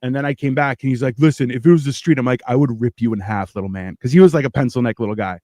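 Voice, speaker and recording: A man's voice: mid-range voice, rapid-fire, dry recording, clean studio sound. A man from Canada on a casual comedy podcast, telling brash stories and acting out quotes. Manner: brash storytelling, acts out quotes loudly. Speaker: podcast co-host.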